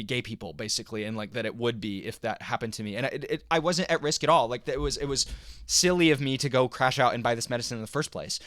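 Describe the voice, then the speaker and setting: A young man co-hosting a podcast, telling a personal story in an animated, halting way with lots of fillers. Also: medium pitch, dry recording, studio quality. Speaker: podcast co-host. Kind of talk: casual storytelling chat.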